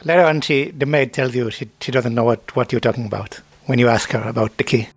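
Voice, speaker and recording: Gravelly-voiced man on a podcast. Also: medium pitch, steady tone, quick pace, no echo, soft background music. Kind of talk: casual chat.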